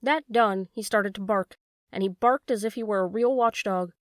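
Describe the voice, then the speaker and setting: A woman reading a children's story aloud as an audiobook narrator in steady scripted narration. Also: medium pitch, normal speed, dry recording, clean studio sound.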